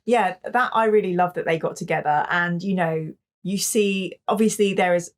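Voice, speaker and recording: A woman co-hosting a casual book club chat, chatty and quick to joke. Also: fairly low pitch. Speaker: podcast co-host.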